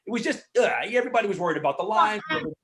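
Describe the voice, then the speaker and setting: A man, an actor, answering questions in a casual Q&A over a video call, frank and animated, swearing freely and filling talk with asides. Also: high-pitched, racing, background noise. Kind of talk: casual Q&A storytelling.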